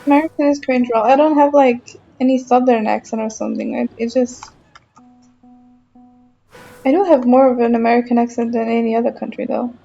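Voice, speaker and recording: A woman's voice: on the high side, fairly quick, creaky, dark tone, muffled recording, soft background music. A young woman with a light German accent, chatting with her stream chat while playing a game, frustrated and talkative. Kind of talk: casual live-stream chat while gaming.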